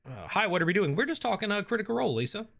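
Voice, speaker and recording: A man's voice: high-pitched, very animated, rapid-fire, creaky, fairly bright tone. A man hosting a casual livestream, reading viewer comments aloud and answering them with lots of ums and uhs. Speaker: streamer reading live chat.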